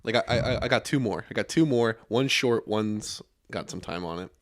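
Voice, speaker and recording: A young man hosting a casual podcast, telling stories in a relaxed way with lots of fillers and restarts. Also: fairly low pitch, moderate pace.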